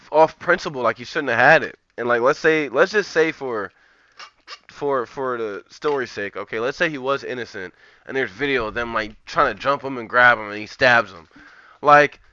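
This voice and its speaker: This streamer's commentary is a profane, rambling rant stuffed with filler words, especially "like." He has a mid-range voice with a sharp, clean tone, and the dull lo-fi recording is dry, with no room sound.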